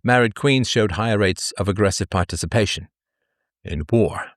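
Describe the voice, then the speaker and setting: A man's voice: on the low side, normal speed, dry recording. Guy doing a livestream rant, reads stats, repeats himself to drive it home, dry sound. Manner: reads statistics, repeats phrases for emphasis. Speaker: livestream host. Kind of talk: commentary monologue.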